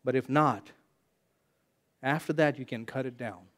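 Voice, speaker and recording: A male pastor preaching a sermon, animated, repeating lines for emphasis and swinging from loud to hushed. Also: mid-range voice, unhurried.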